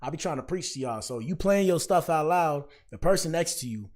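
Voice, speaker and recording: A man's voice: fairly high pitch, expressive, a little fast, a little mellow. A man hosting a podcast, talking alone in casual slang, preachy and given to repeating himself. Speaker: podcast host. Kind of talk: casual commentary monologue.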